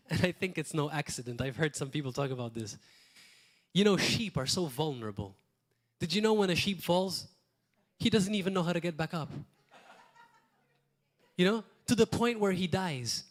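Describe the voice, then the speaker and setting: A man's voice: on the high side, lively intonation, moderate pace. A male pastor, preaching a sermon in a conversational way, with repeated phrases and short asides. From Malta.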